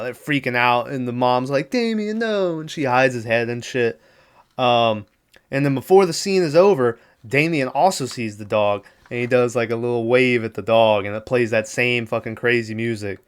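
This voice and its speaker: A man's voice: medium pitch, smooth. A man hosting a podcast, casually recapping a movie on his own, swearing freely and laughing often. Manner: loose, profane, laughs often, lots of fillers. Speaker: podcast host.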